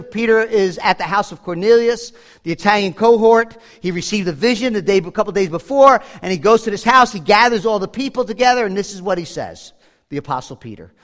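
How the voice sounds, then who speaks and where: A man preaching a sermon as pastor, in an earnest, conversational way with frequent restarts. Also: high-pitched. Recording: long hall reverb.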